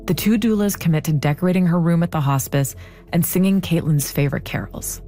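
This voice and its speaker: A woman tells a true story in scripted, measured narration. Her voice is low and mellow, with a dark tone. Soft music sits faintly underneath. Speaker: podcast narrator.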